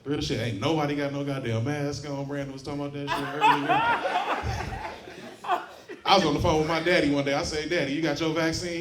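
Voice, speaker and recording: A man's voice: on the high side, fast, very noisy. A man doing a brash, profane stand-up comedy set in a club, often laughing at his own jokes. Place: comedy club stage before a live audience. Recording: roomy club with loud crowd laughter.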